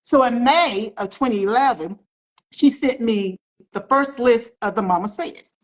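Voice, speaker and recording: Speaking unhurriedly in a voice on the high side, a middle-aged woman author shares family stories in an interview, using emphatic repetition for effect. The recording quality is low.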